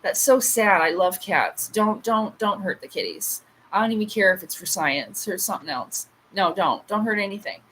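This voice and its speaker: A woman's voice: mid-range voice, expressive, normal speed, hardly any pauses, a bit bright, slight background noise, low-quality recording. A woman in her late thirties hosting a casual livestream chat, a rambling storyteller with frequent asides. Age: late 30s. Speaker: livestream host.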